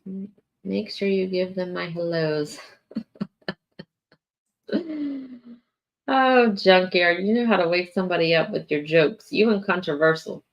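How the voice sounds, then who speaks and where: Woman, livestream host, tired, rambling casual chat, fillers, lowish voice. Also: animated, muffled recording. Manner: chatty, drawn-out, lots of fillers and yawning. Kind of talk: casual live chat with viewers.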